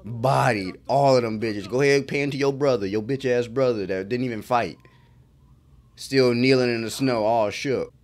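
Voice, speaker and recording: A man casually reacting to an anime episode as he watches. He is excitable and profane, laughs often and talks back at the screen. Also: mid-range voice, moderate pace.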